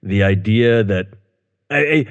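A man's voice: lowish voice, measured pace, long reverb tail. A man in his thirties co-hosting a casual comedy news podcast, sarcastic and profane, often stumbling over restarts. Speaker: podcast co-host. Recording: dull lo-fi podcast audio.

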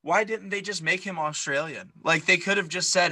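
A man's voice: on the high side, normal speed, hardly any pauses, dry recording, poor audio. A man co-hosting a podcast, recapping a movie in casual, opinionated chat full of fillers. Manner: opinionated, animated, lots of fillers. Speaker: podcast co-host.

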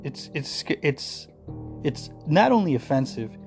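A man's voice: medium pitch, normal speed, a little mellow, soft background music. A man from the United States in a casual ranting monologue, profane, sarcastic and combative.

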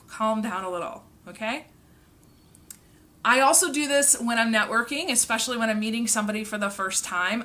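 A woman's voice: on the high side, bright, forceful tone. A middle-aged woman, a communication coach, giving an earnest instructional talk and often checking in with "okay?". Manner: earnest, emphatic, frequent "okay?" check-ins.

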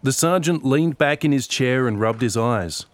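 A man reading a novel-length audio story as narrator, measured and dry. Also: medium pitch, lively intonation, dry recording. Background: guitar music.

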